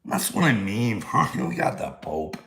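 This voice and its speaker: A man's voice: deep voice, big pitch swings, a little slow, vocal fry, fairly bright tone, roomy sound. A man ranting angrily in a heated vlog monologue, swearing constantly as he retells a confrontation. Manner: angry, heated, swearing a lot. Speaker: vlogger.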